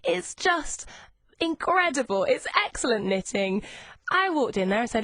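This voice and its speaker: A woman's voice: on the high side, big pitch swings, unhurried, fairly bright tone, no room sound. Bubbly young woman radio presenter. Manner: bubbly, chatty, enthusiastic. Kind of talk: lunchtime radio chat show. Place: radio studio. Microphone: studio microphone.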